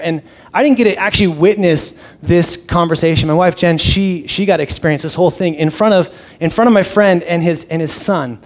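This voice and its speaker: A man with a slightly high voice gives a sermon as a relaxed personal story. He talks like a pastor chatting with his congregation, animated and repeating words as he restarts his sentences.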